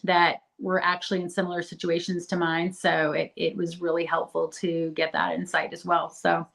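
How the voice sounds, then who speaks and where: A woman's voice: lowish voice, level tone, moderate pace, gravelly, a bit bright. A woman guest on a podcast, talking in an earnest, encouraging, conversational way. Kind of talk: podcast interview.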